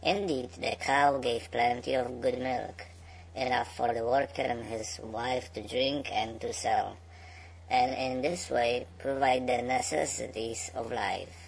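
A man reading a bedtime story aloud in a slow, unhurried way, with small slips. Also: medium pitch, steady tone, vocal fry, slight background noise, poor audio.

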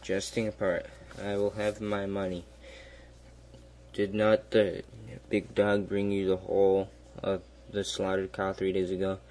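Guy reading as a grumpy stubborn old-timey peasant, deep and mellow, storybook style. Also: completely flat delivery, measured pace, a little hiss or hum. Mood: insistent. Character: grumbling stubborn male peasant, middle-aged.

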